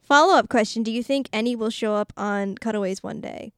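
A woman's voice: a little high, fairly quick, smooth, dry recording, clean studio sound. A woman co-hosting a podcast in casual chat, reading out listener questions, laughing a lot and filling gaps with "um" and "like.". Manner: giggly, reads out listener questions, many fillers. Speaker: podcast co-host.

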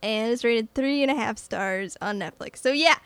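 A woman's voice: on the high side, moderate pace, fairly bright tone, clear, resonant tone, no echo. Giggly young woman podcast co-host. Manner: giggly, stumbles and restarts. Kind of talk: casual chat.

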